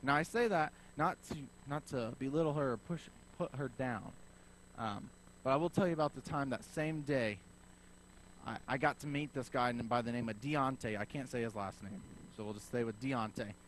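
A man preaching a sermon as pastor, telling a story in a lively way and acting out both sides of the conversation. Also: mid-range voice, moderate pace, a little hiss or hum, poor audio. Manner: animated storyteller acting out dialogue.

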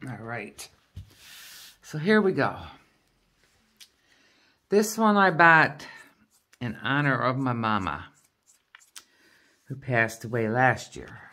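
Slow, chatty middle-aged woman. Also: a bass voice, a bit bright, a little hiss or hum. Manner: unhurried, chatty step-by-step explaining. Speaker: craft vlogger. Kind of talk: casual unboxing chat.

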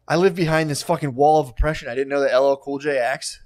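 A man's voice: a little high, steady tone, fast talker, darkish tone. A young man co-hosting a podcast in casual, profane banter, riffing and mimicking other people's voices. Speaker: podcast co-host.

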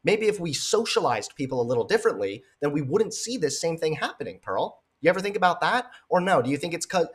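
A man's voice: on the high side, big pitch swings, quick pace, hardly any pauses, slightly rough. A man hosting reaction commentary in a sarcastic, scornful and profane way. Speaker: commentary host.

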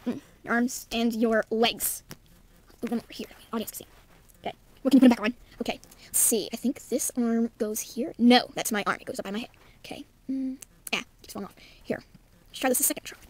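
A woman's voice: a little high, fairly even intonation, a little fast, darkish tone. A woman narrating a homemade toy video casually, hesitant and offhand with many ums. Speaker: host.

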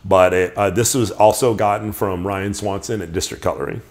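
A man's voice: sits low, steady tone, normal speed, darkish tone. A middle-aged man casually showing off his knives, enthusiastic and rambling, often restarting his sentences. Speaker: knife collector reviewing knives. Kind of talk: casual show-and-tell.

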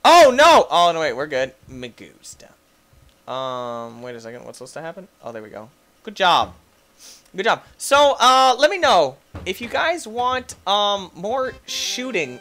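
This is a man narrating his gameplay in a goofy, excitable way, breaking into laughs and shouts. His voice sits high and swings all over, with a bright, sharp edge. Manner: excitable, goofy, quick to laugh and yell at the game. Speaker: gaming YouTuber. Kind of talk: let's play commentary.

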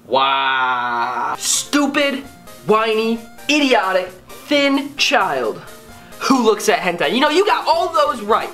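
A man's voice: high-pitched, very animated, slow, sharp tone, faint music behind. A young man casually reading viewer comments aloud and joking about them in a playful, mock-dramatic way. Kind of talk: casual comedic vlog.

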